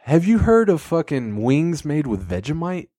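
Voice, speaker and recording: A man's voice: a little high, very animated, normal speed, dark tone, no echo. A man co-hosting a podcast in casual, crude, profane chat, often laughing. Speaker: podcast co-host.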